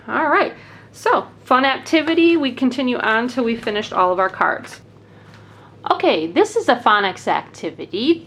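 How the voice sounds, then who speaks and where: A woman's voice: fairly high pitch, fairly bright tone. A woman teacher patiently demonstrating early-grade learning activities step by step, with a faint hiss behind her. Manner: clear, patient, explaining step by step.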